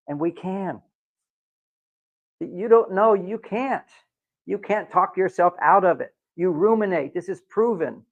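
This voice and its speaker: A man with a slightly high, gravelly voice addresses a live audience in lecture mode. He slips into other people's voices to act out their lines. The recording sounds dull and lo-fi. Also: measured pace. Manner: lecturing, acts out quoted voices with lively swings. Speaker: workshop speaker.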